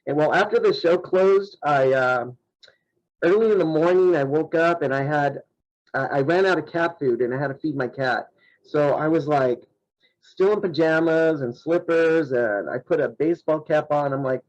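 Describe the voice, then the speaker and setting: A man's voice: on the high side, normal speed, darkish tone, dull audio. A man being interviewed on a podcast, a self-described shy person telling stories in casual chat. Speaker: guest, horror host.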